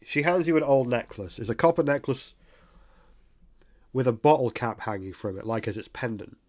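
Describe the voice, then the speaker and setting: A man narrates as game master for a tabletop role-playing game. He keeps it casual, throwing in quick asides and the occasional curse, his pitch sitting in a middle range. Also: a little mellow.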